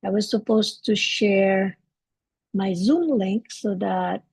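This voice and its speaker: A woman hosting a live English lesson from home, talking in a relaxed, halting way with many fillers and restarts. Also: mid-range voice, creaky, breathy edge, dry recording, low-quality recording. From Canada. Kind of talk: casual livestream teaching.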